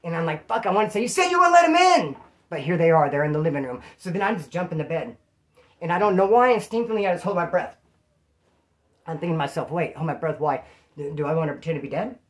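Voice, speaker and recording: A man's voice: fairly high pitch, fast talker. A man telling stories to the camera in a casual, slangy way, acting out quotes in a raised voice. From California. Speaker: storyteller.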